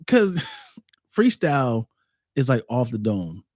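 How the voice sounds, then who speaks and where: A man guesting on a podcast as a producer and comedian, joking casually and acting out rappers in quick bits. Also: medium pitch, sing-song, a little mellow, no echo, studio quality. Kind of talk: casual hip hop banter.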